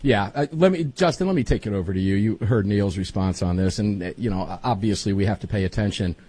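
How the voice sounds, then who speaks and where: A man hosting a political talk show, lively and jokey as he eggs his guests on. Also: lowish voice, quick pace, breathy edge. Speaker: host.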